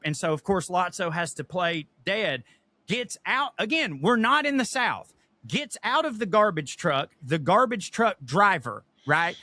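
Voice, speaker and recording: Profane, animated podcast co-host, bright and forceful male voice. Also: high voice, no echo. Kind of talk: casual chat.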